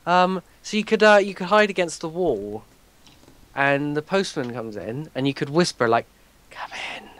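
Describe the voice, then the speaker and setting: A man co-hosting a casual podcast, halting and hesitant, full of fillers. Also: fairly high pitch, expressive, fairly bright tone. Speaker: podcast co-host. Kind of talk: casual chat.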